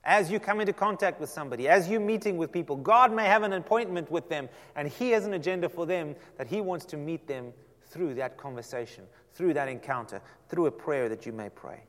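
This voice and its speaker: A man preaching a sermon to a seated congregation, swinging from loud emphasis down to a soft near-whisper. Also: a little high, a little fast, hardly any pauses. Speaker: pastor. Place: church sanctuary. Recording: long hall reverb.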